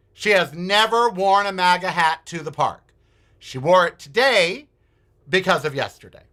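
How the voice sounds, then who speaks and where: A man hosting his own show, retelling a run-in in an indignant, animated way. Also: on the high side. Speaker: podcast host. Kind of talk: casual storytelling monologue.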